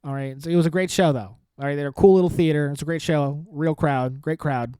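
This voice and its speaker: A man's voice: a little high, fairly even intonation, fairly quick, warm tone, clean tone, no echo. A male comedian hosting his podcast alone, rambling in a sarcastic, self-mocking way and saying "dude" often. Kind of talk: rambling solo podcast sign-off.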